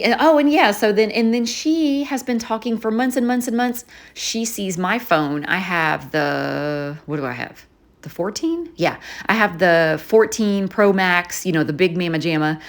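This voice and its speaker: Lively, chatty woman vlogger. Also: lowish voice, unhurried. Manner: chatty, rambling, full of fillers and asides. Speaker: journaling vlogger. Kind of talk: casual storytelling chat.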